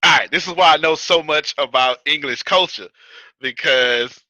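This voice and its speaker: A man's voice: on the high side, normal speed, sharp tone, dry recording, poor audio. An American man with a Texas accent, teaching a class in a folksy, joking, colloquial way. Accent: Texas, Houston area. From United States. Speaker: business coach teaching a class. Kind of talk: casual teaching talk to a live audience.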